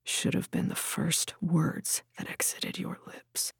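A woman voicing a brooding young male lover in a storybook, speaking in a low hushed whisper. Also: little pitch movement, normal speed, creaky, husky, no echo, studio quality. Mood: cold.

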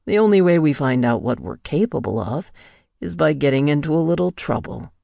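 A woman's voice: low voice, lively intonation, a little fast, vocal fry, dark tone, no echo, studio quality, full character voice. A woman voicing a cocky, domineering young man who mocks and swears bluntly. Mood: confident. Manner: mocking, blunt, swears casually. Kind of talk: audiobook dialogue reading.

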